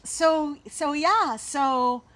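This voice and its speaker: A woman's voice: high-pitched, extremely slow, a bit bright, no room sound. Reflective woman co-hosting an event. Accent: American. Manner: reflective, with fillers like "kind of" and "like". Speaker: event co-host. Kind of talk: casual spoken presentation to a gathering.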